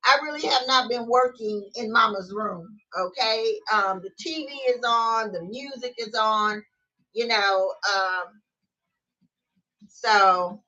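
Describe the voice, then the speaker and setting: A woman's voice: a little high, bright, forceful tone. A middle-aged woman chatting casually to her camera at home, folksy and chatty, often laughing and calling her viewers y'all. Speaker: vlogger. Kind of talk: casual spiritual chat to camera. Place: home room with TV and music playing. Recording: distant mic, faint music behind.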